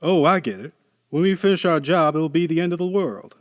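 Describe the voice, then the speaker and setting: A man reading the part of a weary, skeptical male engineer with a dry, gruff manner. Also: a little high, a little fast, no echo, voice pushed up, natural voice.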